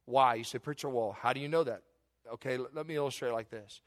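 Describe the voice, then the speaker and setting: A man preaching a sermon, telling stories in lively, emphatic bursts. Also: quick pace. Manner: animated storytelling with sudden loud high bursts. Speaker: pastor.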